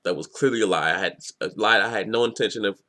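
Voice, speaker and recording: A man's voice: on the low side, fast, sharp tone. A man voicing a defiant young male pirate in a casual, blunt way while retelling a comic.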